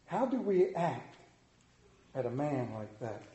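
A man preaching a storytelling sermon, animated and playful, acting out voices in his anecdotes. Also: mid-range voice, slow pace. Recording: echoey room.

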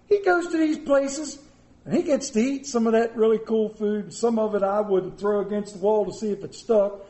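Middle-aged male pastor, high voice, folksy joking sermon, roomy church sound. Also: a little mellow. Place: church sanctuary.

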